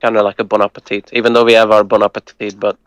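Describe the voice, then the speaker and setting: A man who speaks Hungarian natively, patiently tutoring and breaking words down slowly, with some hesitant fillers. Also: fairly low pitch, little pitch movement, smooth, no room sound, dull audio. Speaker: language tutor. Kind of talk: casual language lesson.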